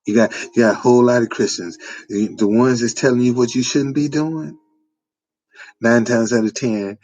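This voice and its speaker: A man's voice: lowish voice, darkish tone, no room sound. A man, delivering an informal preaching monologue with repetitive, emphatic phrasing. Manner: repetitive, emphatic, folksy street-preacher cadence. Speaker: online preacher.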